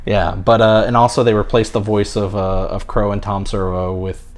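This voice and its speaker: A low-voiced man co-hosts a podcast, rambling through casual chat with many fillers and restarts. He keeps a level tone at a moderate pace.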